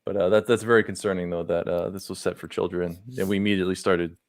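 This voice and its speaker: A man's voice: low voice, fast. A man co-hosting a live stream, joking around in casual chat and running the broadcast. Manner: animated, joking, runs the stream. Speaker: podcast co-host.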